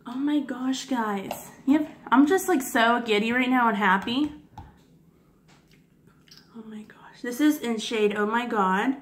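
Excitable girl doing a makeup swatch vlog, gushy and giddy, slow easy talk, kinda high voice. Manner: gushing, giddy, keeps addressing viewers as guys; apologetic about her swatching, soft whispered asides. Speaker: beauty vlogger. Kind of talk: casual makeup swatch review.

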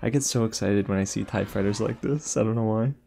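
A young man hosting a casual reaction video, talking excitedly to his viewers with lots of exclamations. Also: on the low side, a little fast, gravelly, soft background music. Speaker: YouTube reaction host.

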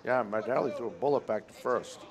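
A man calling local baseball play-by-play at an outdoor stadium, relaxed and chatty, often correcting himself. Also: mid-range voice, brisk, crowd noise. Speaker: play-by-play announcer.

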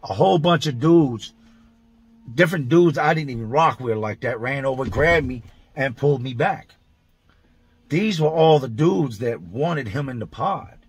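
A vlogger recalls his prison experiences in an expressive, medium-pitched voice with a breathy edge, speaking at a measured pace with no echo. His offhand storytelling is profane and packed with street slang, retelling events blow by blow.

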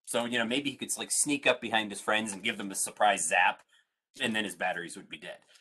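A man's voice: fairly low pitch, brisk, bright, forceful tone, slightly rough. A man, a museum science educator, leading an online family science lesson, playful and full of questions for his audience.

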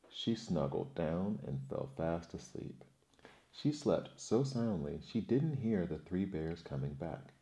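A man reading a bedtime fairy tale in a slow, soothing, hushed ASMR style. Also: rumbling low, animated. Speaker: storyteller.

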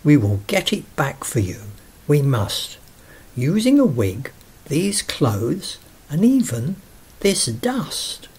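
A man's voice: a little high, huge pitch swings, takes it slowly, a little mellow, slightly rough, voice pushed up, exaggerated voice. A man voicing a brave, no-nonsense little schoolgirl in a storybook reading. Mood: firm. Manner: firm, no-nonsense.

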